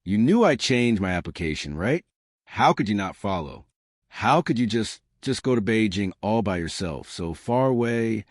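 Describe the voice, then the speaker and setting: A man's voice: lowish voice, sing-song, normal speed, no room sound, studio quality. A man voicing a flustered, clingy young woman who rambles and pleads defensively. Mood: panicked.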